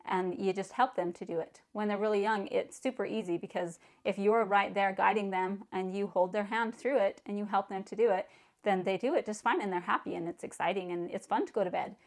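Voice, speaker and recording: A woman's voice: mid-range voice, fairly even intonation, a little fast. A middle-aged woman giving parenting advice in a casual, earnest talk, repeating words and leaning on "you know". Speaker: parenting vlogger.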